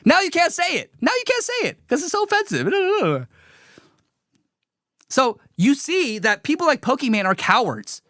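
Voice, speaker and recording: Lively sarcastic male show host. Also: very high voice, normal speed, no echo, clean studio sound. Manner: animated, sarcastic. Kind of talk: live commentary show.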